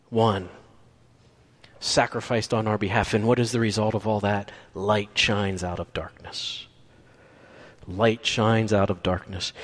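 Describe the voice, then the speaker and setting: A man preaching a sermon, building emphasis through repeated phrases, then dropping to near-whispers on key words. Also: fairly low pitch. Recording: long reverb from a large hall.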